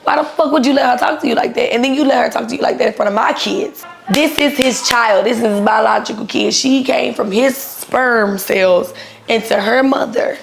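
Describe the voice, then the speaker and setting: Her pitch is fairly high and creaky, her speed normal, with faint music in the background. This thirty-something woman recounts her own story casually, swearing bluntly and performing the dialogue of the people she quotes with animation.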